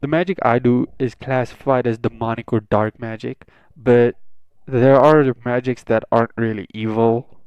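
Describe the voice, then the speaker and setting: A quiet teenage sorceress with demon blood explains magic in a flat, matter-of-fact way, voiced by a man telling a fan story. The voice is smooth and clear, with a dry, close sound. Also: mid-range voice, moderate pace, dry recording, lo-fi sound, natural voice. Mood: calm.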